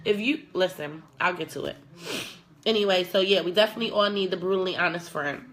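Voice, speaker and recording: A woman's voice: on the low side, fast. A young woman hosting a casual advice vlog, talking bluntly with plenty of swearing. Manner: blunt, profane, animated. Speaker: vlog host.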